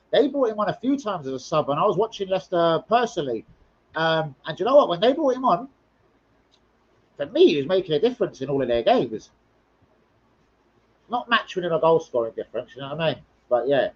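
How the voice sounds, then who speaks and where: Very animated and talking a bit quickly, this man runs a laid-back football live stream, reading comments, cursing freely and joking with viewers in a loose, wandering style. His pitch is a touch above the average male's, with a breathy edge. The streaming mic makes him sound slightly muffled at the top end.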